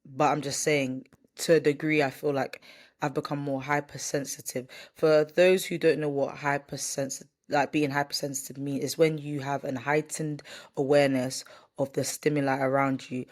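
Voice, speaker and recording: The vlogger has a deep voice with a level tone and talks at normal speed. She chats openly to camera in a rambling way, correcting herself and at times reading scripted lines.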